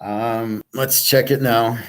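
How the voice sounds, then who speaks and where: A man's voice: medium pitch, fairly even intonation, slow, a bit bright. A man hosting his own channel, chatting casually and rambling as he talks straight to a listener. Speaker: channel host. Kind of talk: casual rambling chat to viewers.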